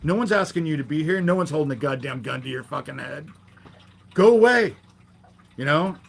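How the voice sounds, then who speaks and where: A man's voice: fairly high pitch, a bit bright. A man hosting a livestream, ranting in an irritated, profane, confrontational way, sarcastic toward commenters and often adding "you know?". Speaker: livestream host. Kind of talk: live-stream rant.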